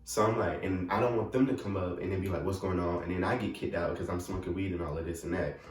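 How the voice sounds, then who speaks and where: Young man, casual storytime, animated retelling, lowish voice, echoey room, faint music. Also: quick pace, distant mic. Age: young adult. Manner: animated, acts out his own panicked quotes.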